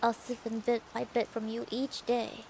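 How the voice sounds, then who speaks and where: A woman's voice: fairly high pitch, monotone, normal speed, vocal fry, darkish tone, a little hiss or hum, rough recording. A woman voicing a mad, gaunt male doctor who stutters and groans like a zombie. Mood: greedy.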